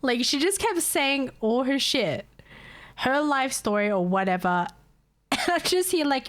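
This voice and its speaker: A woman streamer chatting casually, telling stories and breaking into laughter. Her voice sits a bit high, and her speech is loose and profane. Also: animated, measured pace. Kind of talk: casual chat.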